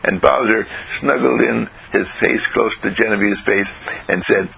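A man telling a children's story on the radio in a gentle, slow, lively way, clearing his throat now and then. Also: fairly low pitch, a little hiss or hum, poor audio.

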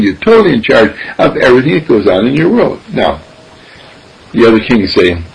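Raspy, animated man teaching. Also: medium pitch, poor audio. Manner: animated, repetitive, acts out dialogue. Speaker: spiritual teacher. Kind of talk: spiritual teaching talk.

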